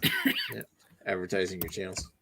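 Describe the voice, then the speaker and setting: Lively low-voiced man hosting a panel. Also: moderate pace, background noise. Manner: joking, teasing. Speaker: panel host. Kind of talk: casual online panel chat.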